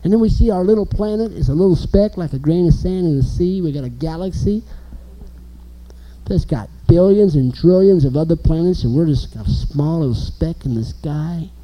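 Animated preacher man, dark voice. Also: on the high side, moderate pace, rough recording. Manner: animated, emphatic, asks the listeners questions. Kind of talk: informal sermon.

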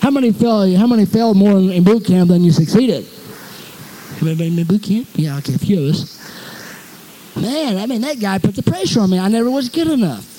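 Man preaching, folksy storyteller, high voice, mellow dark tone. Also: a little fast, rough recording. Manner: folksy storytelling, lively, laughs often. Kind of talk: sermon.

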